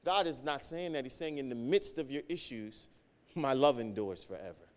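A man preaching a sermon, earnest, repeating key phrases for emphasis and swinging between loud and soft. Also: mid-range voice, animated, normal speed, in a large hall. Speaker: pastor.

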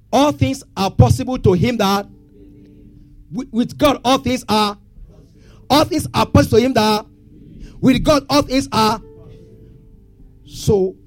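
A man's voice: sits high, darkish tone. Male pastor, preaching, quizzes the crowd, faint music behind. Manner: call-and-response questions to congregation. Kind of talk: sermon.

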